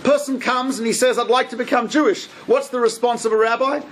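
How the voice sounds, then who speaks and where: A man, a rabbi, giving a lively lecture on religious law and acting out quoted speech with humor. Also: very high voice, fairly quick, a little hiss or hum. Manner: lively, joking storyteller who acts out quoted speech.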